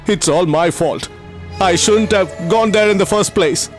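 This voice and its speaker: Kindly middle-aged teacher, heartfelt and apologetic, high voice, dubbed film, loud music underneath. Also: male voice, measured pace. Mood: bitter. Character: kind middle-aged male teacher running a school for poor children.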